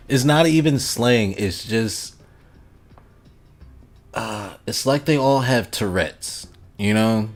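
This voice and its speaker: Low slow-talking guy streaming a game, chill and rambly, laughs a lot. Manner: laid-back, rambling, chuckles often. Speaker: gaming livestreamer. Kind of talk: casual chat reading out viewer comments.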